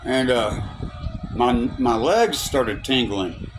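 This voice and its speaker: A man's voice: medium pitch, slow pace. Rambling Southern man over noisy background. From Southern United States. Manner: chatty and rambling, with many fillers and a relaxed drawl. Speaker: vlogger. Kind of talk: casual rambling chat to viewers.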